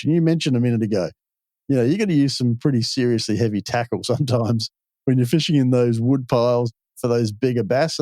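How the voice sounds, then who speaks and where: An Australian man hosts a podcast interview, talking through ideas with patient, folksy explanations. His voice sits at a middling pitch for a man. The recording is dry and close, with no room sound. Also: a little mellow, no echo. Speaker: podcast host.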